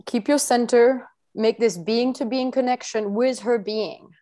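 A woman's voice: a little high, steady tone, unhurried, warm tone. A woman coaching a live practice session, direct and insistent, repeating her instructions. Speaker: coaching trainer.

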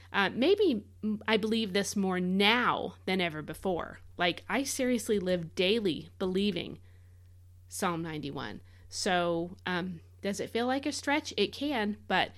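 A woman hosting a devotional podcast, reading scripture and explaining it in an earnest, conversational and emphatic way. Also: mid-range voice. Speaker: podcast host, Bible teacher. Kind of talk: devotional Bible teaching.

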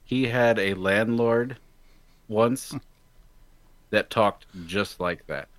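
A man's voice: fairly low pitch, very slow, fairly bright tone, no room sound. A man co-hosting a casual podcast, laid-back and teasing. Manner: laid-back, teasing, does silly voices. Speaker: podcast co-host. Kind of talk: casual chat.

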